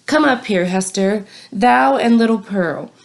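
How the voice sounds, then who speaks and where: A woman's voice: medium pitch, measured pace, vocal fry. Brief: woman reading a guilty, evasive minister with formal archaic phrasing. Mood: solemn. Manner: old-fashioned formal speech. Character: guilt-ridden male minister, evasive and solemn.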